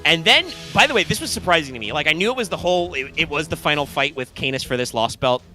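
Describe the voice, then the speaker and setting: A man's voice: on the high side, animated, quick pace, pushed and bright, faint music behind. A man co-hosting a casual gaming podcast, rambling with lots of fillers and restarts and casual swearing. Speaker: podcast co-host. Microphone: live stream microphone.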